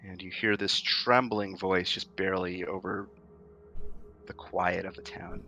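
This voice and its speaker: Gravelly game master narrating a scene. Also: male voice, deep voice, flat delivery, unhurried, sharp tone, soft background music, low-quality recording. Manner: descriptive storytelling with frequent fillers.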